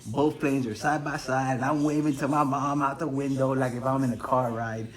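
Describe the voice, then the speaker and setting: Man, 30s, podcast host, casual monologue, profane, digressive, middle pitch. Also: steady tone, moderate pace. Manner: profane, rambling storyteller.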